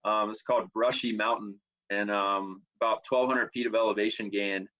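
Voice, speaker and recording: A man answering interview questions over a video call, relaxed and rambling with plenty of fillers. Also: on the low side, normal speed, muffled recording. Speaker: guest athlete. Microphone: computer on a video call.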